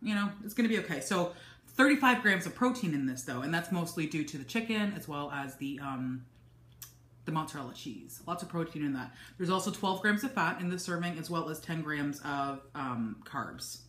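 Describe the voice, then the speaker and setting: Low-voiced woman vlogging from home. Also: lively intonation, moderate pace, a bit bright. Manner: chatty, with many ums and restarts. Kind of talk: casual food vlog. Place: home office, indoors. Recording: echoey room.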